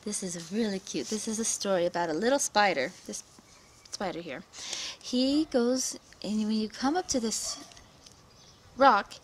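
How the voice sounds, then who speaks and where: A woman reviewing a children's book, retelling the story in an animated, dramatic way with gasps and whispers. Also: medium pitch, measured pace, slightly rough, poor audio.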